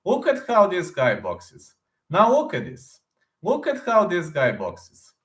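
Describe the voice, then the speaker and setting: A man hosting an MMA news reaction, talking casually and excitedly, repeating himself as he acts out fight moves. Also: high-pitched, slow pace, roomy sound.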